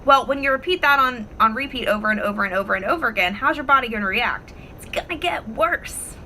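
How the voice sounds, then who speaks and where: A woman talks straight to the camera at home, animated and expressive, swearing casually as she tells a story. Her voice is bright and a little high. Faint room noise sits underneath. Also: quick pace, low-quality recording. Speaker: wellness vlogger.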